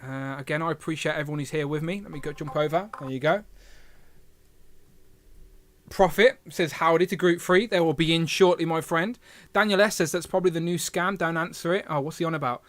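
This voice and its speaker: A man's voice: fairly high pitch, fairly quick. A man hosting a casual livestream, chatting and reading viewer comments aloud with filler hums. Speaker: livestream host.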